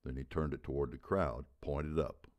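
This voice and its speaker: A man with an extremely low, deep voice reads a story aloud. His narration is measured, and he slows down to land key details. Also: fairly even intonation, a little mellow.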